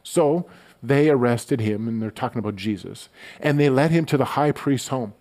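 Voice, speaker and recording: A man giving a relaxed, conversational sermon as a pastor, often repeating words as he goes. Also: medium pitch, moderate pace. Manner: conversational, relaxed storytelling with frequent stammered word repeats.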